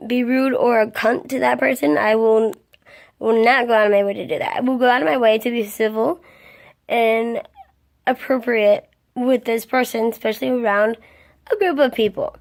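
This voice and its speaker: A woman in her twenties rants straight to camera, blunt and full of swearing. Her voice sits a little high with a gravelly fry running through it. She sounds worn out and keeps yawning between points. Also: moderate pace. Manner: blunt and profane, venting with heavy swearing. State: tired, yawning. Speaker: vlogger. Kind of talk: ranting vlog monologue.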